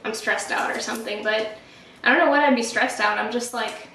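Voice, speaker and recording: A young woman vlogs casually from her home art studio, telling stories in a rambling, chatty way full of fillers. Her voice is fairly high and brisk, recorded roomy and from a distance with soft background music underneath and slight background noise.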